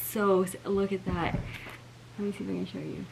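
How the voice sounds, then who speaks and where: A woman's voice: medium pitch, steady tone, brisk, vocal fry. A young woman chats through a book unboxing at home, her voice in the middle of the range. She sounds let down and keeps saying "like" and "oh my gosh". Faint noise hums behind her. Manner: dismayed, lots of "like" and "oh my gosh". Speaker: book vlogger. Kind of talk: casual unboxing chat.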